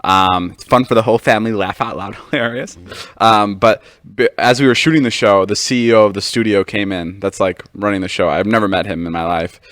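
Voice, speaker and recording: A man's voice: on the low side, steady tone, brisk, fairly bright tone, no room sound. A young man hosting a podcast, telling stories in casual chat and rambling with plenty of fillers. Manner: rambling storyteller, heavy on fillers. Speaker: podcast host.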